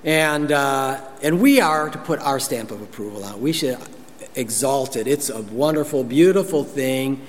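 A man's voice: medium pitch, moderate pace, big-room sound, slight background noise. A man preaching a conversational sermon as pastor, folksy and full of asides and personal stories. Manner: folksy, storytelling, many asides.

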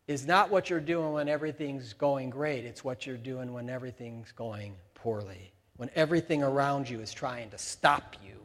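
A pastor preaching a sermon, telling stories with animation and acting out the voices of the people he quotes. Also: fairly high pitch. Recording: preaching in a large reverberant hall.

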